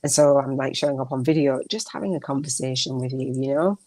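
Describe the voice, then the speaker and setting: A woman's voice: extremely low pitch, fast, darkish tone, no room sound. A woman hosting a podcast, talking in a rambling, heartfelt way and often correcting herself mid-sentence. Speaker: podcast host. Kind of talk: casual monologue.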